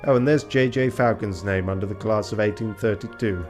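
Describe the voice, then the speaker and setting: A man's voice: on the low side, fairly quick, faint music behind, close to an everyday voice. A man voicing a fussy, polite male rooster lawyer with a prim, formal delivery.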